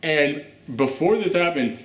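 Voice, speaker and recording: A man co-hosting a casual horror film review, animated and profane, acting out quotes in mocking voices. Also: on the high side, measured pace, roomy sound. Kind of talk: casual reaction chat.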